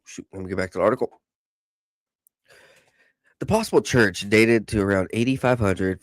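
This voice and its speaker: A man hosting a podcast, reading news articles aloud with casual joking asides, stumbling over hard words, and saying he is high. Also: dry recording. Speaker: podcast host.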